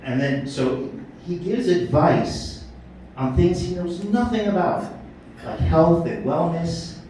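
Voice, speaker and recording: Middle-aged male comic, blunt and crude, slightly high voice, roomy club sound taken from afar. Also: takes it slowly. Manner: blunt profane punchlines, yells in put-on rants. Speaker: stand-up comedian. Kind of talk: stand-up set. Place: comedy club stage with audience laughter. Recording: echoey club from a distant mic, noisy.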